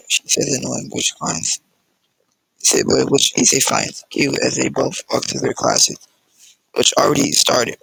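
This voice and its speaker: Casual reader: a man, very gravelly, husky, reads a fan story haltingly. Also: mid-range voice, wildly swooping pitch, sharp tone, no room sound, poor audio. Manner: halting, with fillers and restarts. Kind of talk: casual fan-fiction reading.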